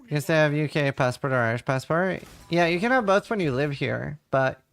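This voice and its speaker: A man in his thirties from Norway, streaming a game and chatting loosely with his viewers. His voice is gravelly and sits a little high, and he reads their questions aloud and swears in passing. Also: lively intonation, fairly quick, fairly bright tone. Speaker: livestreamer. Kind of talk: casual chat with viewers while gaming.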